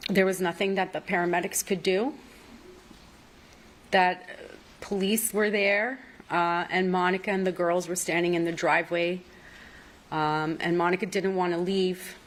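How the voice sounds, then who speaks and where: A woman's voice: on the low side, level tone, a little slow, low-quality recording. A woman testifying as a witness in a courtroom, recounting events at length and quoting what others said, emotional and apologizing through tears. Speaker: trial witness.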